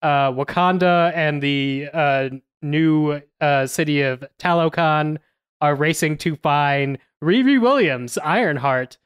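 A woman talks through a film review at a measured pace, with frequent "uh" fillers between thoughts. Her voice is smooth and resonant. The sound is close and dry, with no room around it. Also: low voice, dry recording. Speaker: podcast host.

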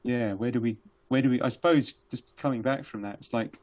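A man's voice: medium pitch, steady tone, a little fast, darkish tone. A man speaking as a podcast guest, hesitant, with many restarts and fillers. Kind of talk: conversational podcast interview.

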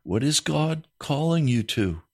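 A man preaching a sermon as a pastor, voice rising into high, pleading questions. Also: very animated, a little slow.

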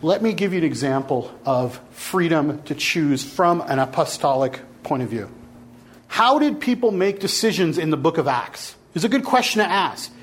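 A man's voice: fairly high pitch, lively intonation, normal speed. A man teaching a Bible class, lecturing and challenging his students to argue back.

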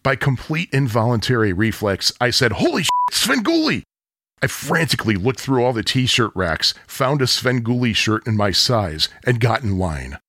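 Male podcast host from Chicago, husky, lively pitch, casual storyteller. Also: moderate pace, few pauses, no room sound. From Chicago area. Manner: chatty, self-deprecating, nostalgic.

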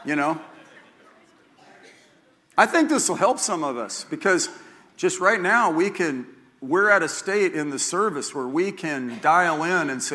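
A man's voice: fairly high pitch, normal speed, bright, forceful tone, long reverb tail. An older man preaching a sermon as pastor, folksy and joking, often repeating himself. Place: church sanctuary.

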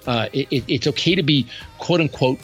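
A man's voice: medium pitch, fairly quick, faint music behind. A man hosting a podcast, chatting casually and telling joking stories with lots of restarts. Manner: joking storyteller, trails into restarts. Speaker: podcast host. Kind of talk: casual chat.

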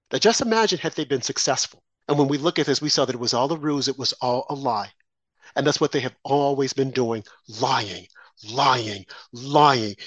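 A man hosts a talk show and delivers a heated political monologue, firing off rhetorical questions with indignant emphasis. His voice sits fairly high. The sound is dry and slightly dull. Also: fairly bright tone, no echo.

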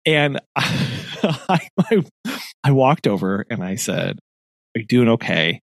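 A man with a creaky, mid-range voice takes it slowly as he co-hosts a podcast and tells a story in casual chat. Animated and often laughing, he acts out the voices of the people in the story. The clean studio sound has no room sound.

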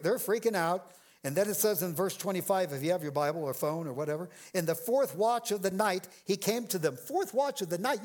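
A man pastor preaching a lively sermon to a church congregation, acting out quoted voices and joking with the crowd. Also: sits high.

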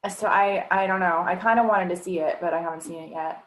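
A woman co-hosting a podcast in casual chat, chatty and quick to laugh. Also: fairly low pitch, fairly even intonation. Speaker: podcast co-host. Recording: echoey room.

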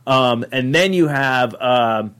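Man, podcast host, casual chat, rambling, lots of restarts, casual swearing, average pitch. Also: slow, fairly bright tone, clear, resonant tone.

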